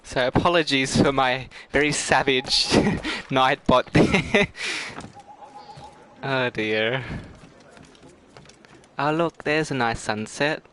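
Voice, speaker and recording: Middle aged guy streaming a game, giggly and chatty, slow easygoing talk, bright voice. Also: mid-range voice, slight background noise. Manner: giggly, breaks into fits of laughter; chatty, talks to chat viewers. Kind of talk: casual gameplay livestream chat.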